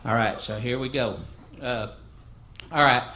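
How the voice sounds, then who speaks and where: A man's voice: mid-range voice, a little slow, pushed and bright. A man from East Tennessee with a Southern accent, a stand-up comedian spinning folksy, self-deprecating stories on a club stage. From East Tennessee, USA. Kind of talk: stand-up storytelling. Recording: noisy live club recording.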